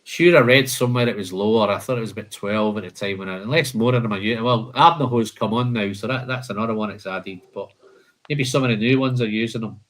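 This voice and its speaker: A man's voice: fairly low pitch, fast talker, a bit bright. A man hosting a live whisky tasting, listing flavour notes and chatting casually, calling people "man" and "mate".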